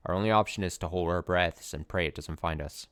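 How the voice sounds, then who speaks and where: Deep-voiced man reading game text. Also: brisk, a bit bright, clear, resonant tone, dry recording. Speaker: let's play narrator.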